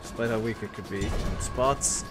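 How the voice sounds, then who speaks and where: A man's voice: on the low side, moderate pace, music in the background. A man livestreaming a strategy game, commentating and bossing and swearing at his troops. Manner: bossy, swearing at his units. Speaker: game streamer. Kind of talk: live gameplay commentary.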